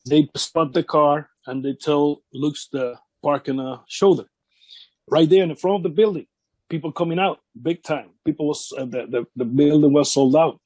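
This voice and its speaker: Guy in his 50s, broken english, laughing through old stories, warm low-key tone, dry mic. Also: normal speed, no echo. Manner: animated anecdotes, non-native English grammar. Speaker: interview guest, former wrestler. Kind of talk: shoot interview storytelling.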